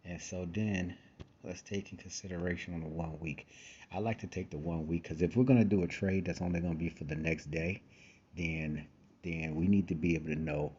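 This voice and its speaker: A man's voice: deep voice, steady tone, a little fast, darkish tone, husky, muffled recording. A man hosting a casual screen-share trading tutorial, talking conversationally with frequent fillers and repeated phrases, a little tired. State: tired, yawning. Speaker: trading course host.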